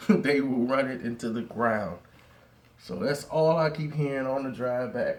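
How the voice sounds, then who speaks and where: A man telling a street story in slangy, lively talk, with laughing asides and acted-out voices. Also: medium pitch, a little slow, pauses often. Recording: roomy echo.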